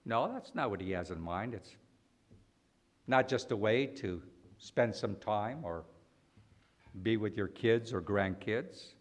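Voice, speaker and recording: A man preaching a sermon, slow and deliberate, swinging between loud emphatic lines and quiet ones. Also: fairly low pitch.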